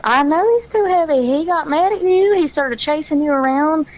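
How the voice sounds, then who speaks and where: A woman's voice: high-pitched, moderate pace, muffled recording. A woman joking on a call-in radio show, playful and constantly giggling. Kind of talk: casual radio banter.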